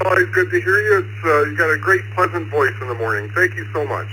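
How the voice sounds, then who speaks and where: A man's voice: a little high, quick pace, bright, forceful tone, slight background noise, low-quality recording. A man calling into an amateur radio net through a phone app, polite and effusive. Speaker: ham radio caller. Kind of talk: casual radio check-in. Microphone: phone app over a radio link.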